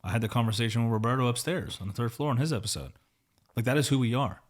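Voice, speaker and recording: A podcast host with a medium-pitched voice races through a casual interview chat. He rambles candidly, restarts often, and says "like" constantly.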